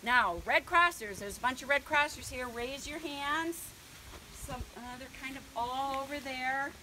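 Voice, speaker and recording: A high, pushed, bright voice belongs to an older woman speaking at a measured pace; the recording is low quality, with a little background noise. Nervous and chatty at her book launch party, she thanks her family and friends, often laughing and filling gaps with um.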